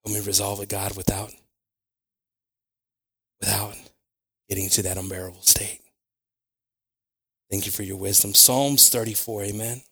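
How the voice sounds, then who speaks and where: A man preaching a sermon to his congregation, moving between quiet prayer, personal stories told with acted asides, and loud, shouted preaching. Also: lowish voice, level tone, unhurried, pauses often, husky. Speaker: pastor.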